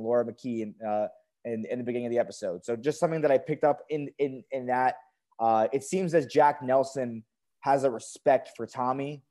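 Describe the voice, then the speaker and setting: A man co-hosting a podcast, chatting casually and enthusiastically about a TV episode. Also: mid-range voice. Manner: enthusiastic, relaxed, quick to praise. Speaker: podcast co-host. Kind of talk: casual TV recap chat.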